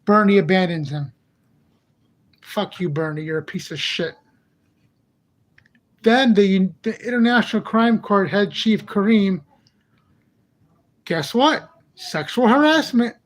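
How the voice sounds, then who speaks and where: Brief: high-pitched man hosting his channel, angry profane rant, exasperated and repetitive. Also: lively intonation, takes it slowly, pauses often. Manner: heated, profane, ranting. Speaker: channel host. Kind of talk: angry monologue vlog.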